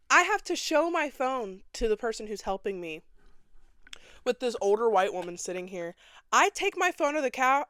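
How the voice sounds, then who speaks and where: Young woman host, casual dramatic storyteller with sass, smooth voice, dry close sound. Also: a little high, a bit bright, no room sound. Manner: dramatic, sassy, acts out other people's lines. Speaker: podcast host.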